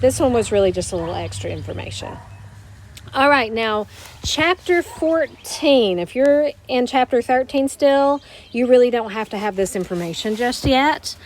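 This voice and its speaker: A woman teaching a Spanish grammar lesson to her students, explaining step by step and slowing down to model each Spanish word. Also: on the high side, animated, a little hiss or hum. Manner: patient, explanatory, slows down to model Spanish words. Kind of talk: recorded classroom grammar lesson.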